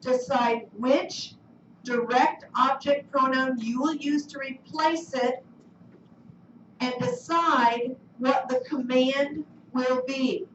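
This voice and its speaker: High-voiced woman teaching a class. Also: steady tone, slow, fairly bright tone, slight background noise. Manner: questioning, coaxing students. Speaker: Spanish teacher. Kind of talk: classroom lesson. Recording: roomy, distant, dull classroom recording.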